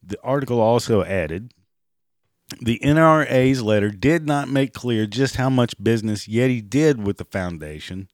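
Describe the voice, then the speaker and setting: A hoarse man with a raspy voice, giving sarcastic, profane commentary and mocking the people he talks about. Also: mid-range voice, no echo, studio quality. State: hoarse, clearing throat and coughing. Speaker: commentary vlogger. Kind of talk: ranting commentary.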